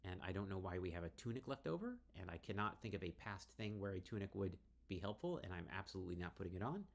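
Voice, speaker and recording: Low-voiced man playfully narrating a game. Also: fast talker, creaky, slight background noise. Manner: playful, talks himself through choices, ramps up with excitement. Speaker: game streamer. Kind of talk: let's play commentary.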